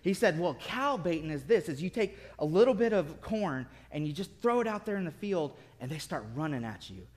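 A man preaching a sermon as pastor, telling a story with bursts of laughter and then dropping to quiet intensity. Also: a little high, very animated, fairly quick, hardly any pauses. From city-raised. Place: church sanctuary. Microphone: lectern mic at a podium.

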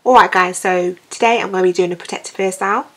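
A woman's voice: medium pitch, steady tone, fast, a little hiss or hum, close to an everyday voice. A woman putting on a playful, exaggerated mock Essex accent, as a joke in a hair vlog. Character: jokey young woman, chirpy exaggerated Essex put-on.

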